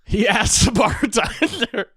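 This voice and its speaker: A young man cohosting a podcast, telling a long joke with a lively, bouncing delivery and slightly high pitch. He laughs often and pops into high voices for his characters, recorded dry on a close mic. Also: slow pace, slightly rough, no echo. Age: young adult. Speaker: podcast co-host. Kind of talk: casual joke-telling chat.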